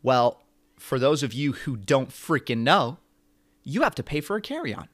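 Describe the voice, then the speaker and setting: A young man co-hosting a podcast, telling a long story in an animated, rambling way. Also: medium pitch, normal speed. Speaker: podcast co-host. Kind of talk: casual chat.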